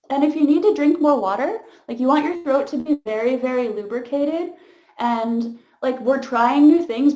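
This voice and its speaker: Slow, chatty woman leading a voice workshop. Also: fairly high pitch, darkish tone, echoey room. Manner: laid-back, chatty, laughs often, many fillers like "um" and "like". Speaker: voice workshop leader. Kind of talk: interactive vocal workshop.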